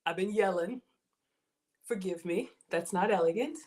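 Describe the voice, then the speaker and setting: A middle-aged woman, hosting a cooking livestream in a chatty, excitable way and reading viewer comments aloud. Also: medium pitch, unhurried. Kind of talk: casual livestream chat.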